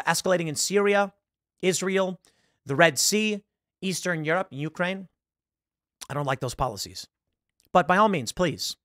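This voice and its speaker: Gravelly, high-voiced male commentator. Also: fairly bright tone, dry recording, studio quality. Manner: conversational, rhetorical, storytelling. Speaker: host of a political commentary show. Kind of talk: casual commentary to camera.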